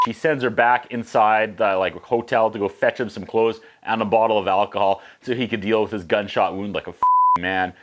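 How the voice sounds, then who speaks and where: A man hosting a casual movie recap, making sarcastic, joking asides and slipping into quick voices for the characters. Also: lowish voice, animated, a bit bright. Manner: casual, profane. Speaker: host.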